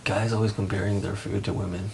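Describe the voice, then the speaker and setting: A man with a low, very gravelly voice muses in halting sentences during a late-night bedroom chat. His voice comes through a live feed with steady hiss behind it. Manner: musing, halting. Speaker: reality show houseguest. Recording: hissy live-feed audio.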